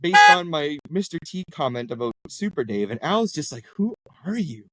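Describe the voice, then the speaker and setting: On a podcast, a middle-aged Canadian ward councillor tells anecdotes conversationally, doing voices for the people he quotes. His pitch is fairly high, expressive and a bit bright, at normal speed, though the recording quality is low.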